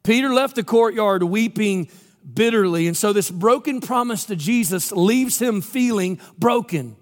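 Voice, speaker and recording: A man's voice: high voice, a little slow. A man from Georgia, preaching a sermon in a storytelling way and acting out the quoted lines. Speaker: pastor. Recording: long hall reverb.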